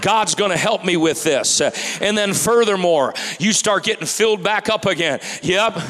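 Animated preacher man in a reverberant hall. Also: high-pitched, normal speed. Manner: animated preaching, quoting scripture, acting out worriers and birds. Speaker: pastor. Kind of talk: sermon.

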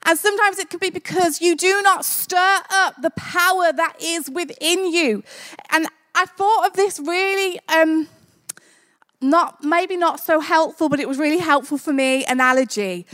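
A woman's voice: extremely high pitch, measured pace, fairly bright tone. A woman preaching a sermon in a church, conversational and jokey, building to fervent exclamations.

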